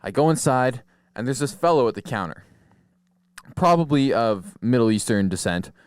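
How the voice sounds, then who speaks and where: A man's voice: medium pitch, expressive, normal speed, smooth, no echo, clean studio sound. A male podcast host telling a rambling, profane comic story and laughing at his own jokes. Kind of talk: casual comedic storytelling. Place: podcast studio.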